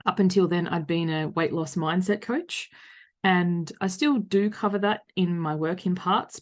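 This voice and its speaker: A woman in her thirties with an Australian accent, hosting a solo podcast as a coach and talking loudly, frankly and conversationally. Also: lowish voice. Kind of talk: reflective solo podcast monologue.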